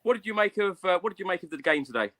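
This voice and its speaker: A man hosting a football podcast, briskly passing questions to his guests. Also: high-pitched, animated, fairly bright tone. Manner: brisk, steering the talk, hands questions to guests. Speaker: podcast host. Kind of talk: hosting casual football chat.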